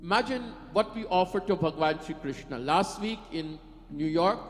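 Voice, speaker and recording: A man's voice: a little high, lively intonation, moderate pace, big-room sound, soft background music. A man preaching an emphatic devotional sermon, breaking into sung devotional lines. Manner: emphatic, sings devotional lines between speech. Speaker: katha preacher. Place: temple hall.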